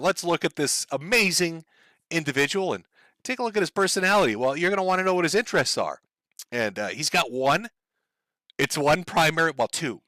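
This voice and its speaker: A male commentator with a bright, high voice that swings widely as he mocks his subject. He is sarcastic and animated and keeps cracking himself up. The sound is close and dry. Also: dry recording. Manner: sarcastic, animated, laughing often. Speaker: online commentary host. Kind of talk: mocking video commentary.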